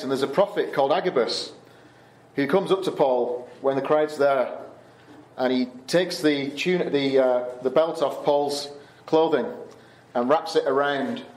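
A man gives a Bible talk to teenagers at camp, in an easy conversational way with fillers and restarts. His voice sits at a middle pitch. The room around him is echoey. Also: darkish tone. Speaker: camp speaker. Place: Canada.

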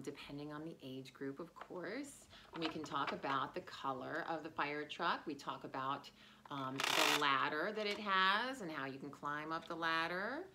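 Brief: woman, daycare teacher, bright and sing-song, pitched for small kids. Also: slight background noise. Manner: playful, sing-song, exaggerated for young children. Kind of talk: children's lesson with sung chants.

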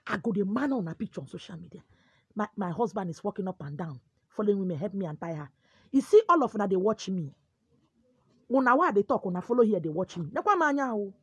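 A woman with a Nigerian Igbo accent gives a forceful, preachy monologue, switching between pidgin and Igbo. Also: medium pitch, big pitch swings, a little fast, husky, dry recording. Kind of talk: animated monologue.

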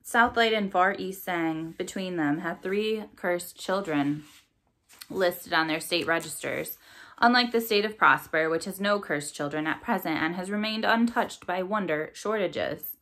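A pushy press reporter firing off quick, pointed questions, read by a woman. The tone is bright and forceful in a storybook read-aloud. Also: on the low side. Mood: probing.

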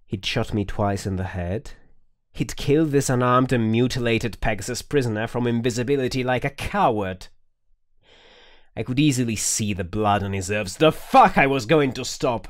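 A man's voice: mid-range voice, normal speed, no room sound, clean studio sound. A man narrating an audiobook, reading tense, dramatic scenes.

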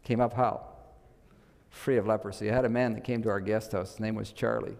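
A man's voice: lowish voice, fairly even intonation, fairly quick, creaky, darkish tone. A man preaching a sermon in a church, conversational and full of rhetorical questions to the congregation. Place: church sanctuary. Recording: long hall reverb.

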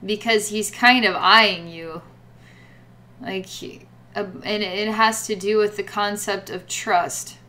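A woman's voice: medium pitch, steady tone, slow, bright, forceful tone. A woman giving a guided psychic reading in a rambling way, full of fillers and repeated words. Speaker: psychic reader.

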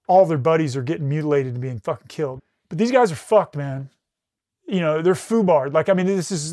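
Intense, profane middle-aged man, higher voice. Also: no room sound, clean studio sound. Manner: intense, heavy swearing, frequent restarts. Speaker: podcast guest, retired military rescue specialist. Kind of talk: recounting a combat story in casual conversation.

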